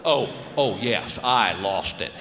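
A man in his forties telling a stand-up story about fatherhood, animated, acting out the people in it. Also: fairly low pitch, takes it slowly. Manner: animated, acts out quoted voices. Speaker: stand-up comedian. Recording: live stage, long reverb, room noise.

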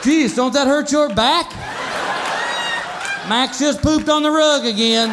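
A man voicing nosy male house dogs who tease loudly and excitably. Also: very high-pitched, slow, crowd noise, background noise, voice pushed up. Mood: teasing. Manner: loud, teasing, excitable.

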